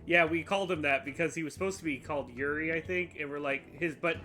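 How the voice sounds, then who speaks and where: A laid-back co-host of a live game stream, chatting with dry humor about the game. The voice sits at a middle pitch. Game music runs underneath the talk. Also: fast, sharp tone. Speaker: livestream co-host. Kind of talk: casual let's-play banter.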